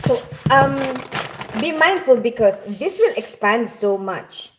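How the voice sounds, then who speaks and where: A woman from the Philippines talks her viewers through a dish on a live stream, in a slightly high voice. She rambles casually, filling gaps with "like" and "um". A faint hiss of noise sits under her voice. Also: big pitch swings, slow pace. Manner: chatty and rambling, with many fillers and laughs. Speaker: livestream cooking host. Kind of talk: casual live cooking chat, reading comments.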